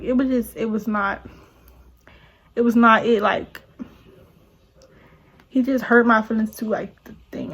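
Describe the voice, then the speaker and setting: In a casual storytime vlog, a young woman rambles emotionally, circling back to the same points again and again. Her voice is slightly higher than average, and she stays close to the camera mic.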